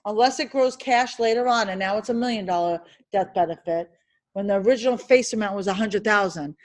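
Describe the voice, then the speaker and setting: A woman teaching an insurance licensing class, quizzing students with rapid questions and emphatic reminders. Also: mid-range voice, poor audio. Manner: emphatic and animated. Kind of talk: classroom review lecture.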